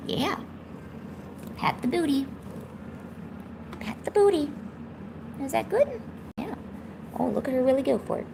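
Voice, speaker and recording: A woman's voice: fairly high pitch, creaky, noisy background. A woman live-streaming from home, chatting casually with viewers and cooing baby talk to her cat. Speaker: art streamer.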